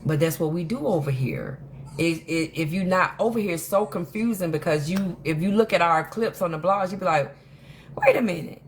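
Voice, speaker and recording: A woman hosting a casual commentary monologue, telling stories in an animated, emphatic way that rambles with frequent restarts. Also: lowish voice, a little fast, slight background noise. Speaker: host of a drama commentary channel.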